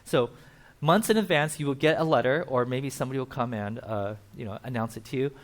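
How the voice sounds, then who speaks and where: A man's voice: mid-range voice, fairly quick. A man preaching a casual, conversational sermon at a church, explaining with asides and acting out quotes. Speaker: pastor.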